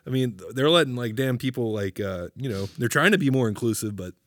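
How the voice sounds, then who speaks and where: A man's voice: mid-range voice, fairly quick, a bit bright, dry recording, studio quality. A man co-hosting a podcast in casual chat, rambling, swearing and laughing between jokes. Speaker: podcast co-host.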